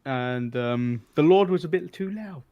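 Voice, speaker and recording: Teasing English man, higher voice. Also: a little slow, smooth, highs cut off. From England. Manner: teasing, deadpan jokes, talks to his co-host. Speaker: podcast co-host. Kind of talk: casual wrestling podcast chat.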